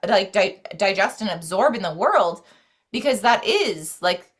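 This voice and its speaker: A woman's voice: mid-range voice, lively intonation, unhurried. A woman talking as a podcast guest in casual, earnest conversation, rambling with many "like"s and restarts. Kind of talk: casual conversation about self-care and spirituality.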